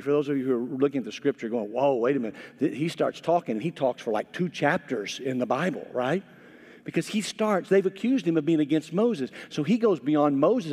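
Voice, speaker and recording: Conversational preacher in a reverberant hall. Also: male voice, on the high side, slightly rough. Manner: conversational preaching, repeats words, rises to animated emphasis. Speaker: pastor. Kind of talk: sermon. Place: church.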